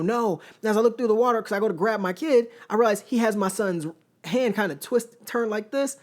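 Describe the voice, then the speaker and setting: A man in his thirties tells a personal story on his podcast, speaking casually and with lots of energy. He often checks in with the audience and keeps the tone close and conversational. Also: high voice. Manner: animated, conversational, addresses listeners directly with "right?". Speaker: podcast host. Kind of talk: storytelling monologue.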